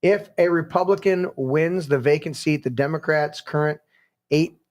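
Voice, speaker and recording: A male podcast host with a fairly high, slightly mellow voice talks at normal speed. He rants casually and reads news articles aloud, rambling, swearing, and stumbling over his words.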